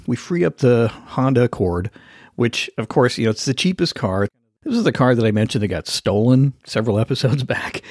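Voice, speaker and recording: A man hosting a podcast, telling a story in an animated, casual way and acting out the voices of the people in it. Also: medium pitch, no room sound, studio quality. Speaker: podcast host.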